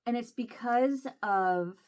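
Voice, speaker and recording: A woman vlogger talking casually to camera in a halting, emotional way, close to tears, with a Southern Illinois accent. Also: a little high, darkish tone. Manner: halting, emotional, many restarts. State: near tears.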